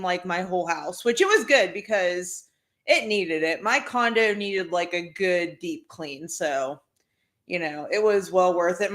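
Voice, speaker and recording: A woman's voice: lowish voice, a bit bright. Chatty young woman rambling casually. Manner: chatty, rambling with many "like" fillers. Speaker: podcast co-host. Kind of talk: casual chat.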